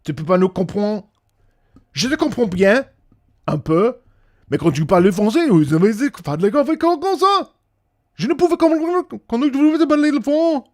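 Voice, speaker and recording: A man putting on an excitable French man who shouts in a high, exaggerated, mocking voice. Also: normal speed. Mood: teasing.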